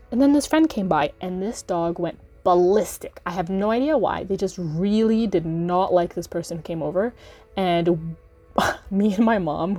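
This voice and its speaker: A woman's voice: lowish voice, a little mellow. A woman hosting a podcast, chatting casually about a book reread with laughs and fillers. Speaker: podcast host.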